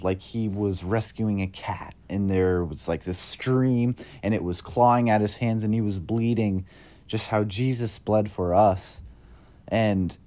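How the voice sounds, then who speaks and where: A man earnestly sharing his Christian faith in a casual testimony, halting often with fillers. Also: on the low side, a little mellow.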